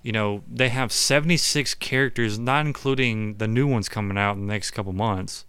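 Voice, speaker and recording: A young man co-hosting a casual gaming podcast, rambling and animated, swearing freely. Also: lowish voice, normal speed, clear, resonant tone, no room sound. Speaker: podcast co-host.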